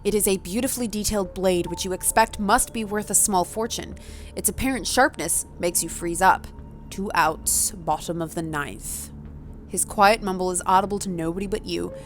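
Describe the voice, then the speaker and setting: A woman narrates a story game aloud, moving between expressive reading and chatty commentary. She laughs at her own attempts at voices, and faint game music sits in the background. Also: medium pitch, moderate pace. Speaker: let's play gamer.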